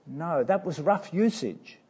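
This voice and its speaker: Slow, husky-voiced man preaching. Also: a little high, expressive, warm tone. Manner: slow and emphatic, asks questions of listeners. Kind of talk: sermon to children.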